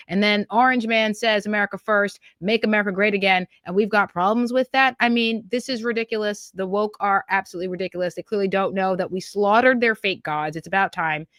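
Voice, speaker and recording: A woman's voice: mid-range voice, no room sound. Emphatic woman podcaster, dry sound. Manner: animated and emphatic, repeats phrases, says "okay?" and "yo". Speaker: podcast host. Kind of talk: political commentary podcast.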